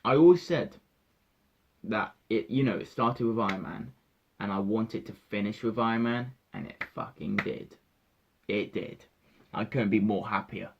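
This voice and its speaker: An excitable young man swears freely as he acts out his own reactions while telling a story. His voice sits low and gravelly with a husky edge. The recording sounds dull and lo-fi. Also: normal speed. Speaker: vlogger reviewing a film. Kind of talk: excited casual spoiler talk.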